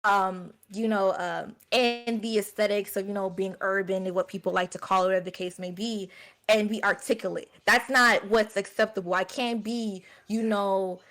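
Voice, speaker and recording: A woman talking candidly in a group discussion, slow and hesitant, with many fillers. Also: medium pitch, steady tone, fairly bright tone. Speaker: stream co-host.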